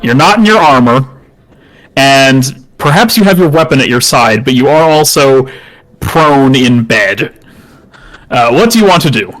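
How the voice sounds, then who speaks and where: A man's voice: mid-range voice, expressive, unhurried, fairly bright tone, low-quality recording. A man narrating as dungeon master for a tabletop game, good-humored and prone to chuckling as he describes the action.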